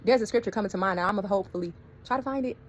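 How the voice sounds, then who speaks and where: A woman telling a story to her viewers in a casual, animated way, acting out quoted voices. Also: mid-range voice, racing. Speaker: storyteller vlogger.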